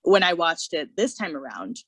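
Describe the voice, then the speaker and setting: A woman with a somewhat low voice chats casually as a podcast co-host. She speaks expressively and gives her opinions freely. The sound is dry and close. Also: very animated, moderate pace, breathy edge, no echo. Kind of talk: casual chat.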